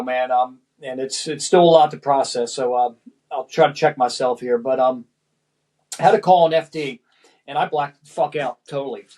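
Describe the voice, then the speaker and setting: A man's voice: a little high, a little mellow, poor audio. Rambling, profane middle-aged man. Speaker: guest, former firefighter lieutenant. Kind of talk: emotional personal storytelling.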